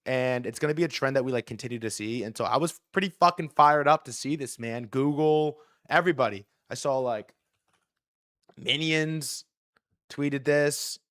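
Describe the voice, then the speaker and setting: A man hosting a live market stream, ranting fast and heatedly with frequent swearing. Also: mid-range voice, no echo, clean studio sound. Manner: fast, excitable delivery. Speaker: livestream host.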